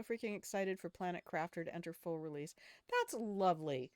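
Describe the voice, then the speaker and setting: A woman's voice: fairly low pitch, fairly quick, few pauses, darkish tone, clear, resonant tone, no room sound, studio quality. An older woman streaming a video game, chatting casually, thinking aloud and swearing freely. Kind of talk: casual gaming commentary.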